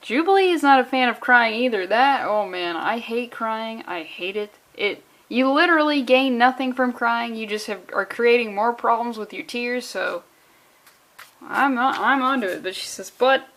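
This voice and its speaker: Woman comic, slightly high voice, reads aloud casually and breaks into dry, sarcastic tangents. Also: normal speed. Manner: sarcastic, deadpan tangents, stumbles over words while reading. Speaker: comedian reading a comic book aloud. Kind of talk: casual comic reading with joking asides.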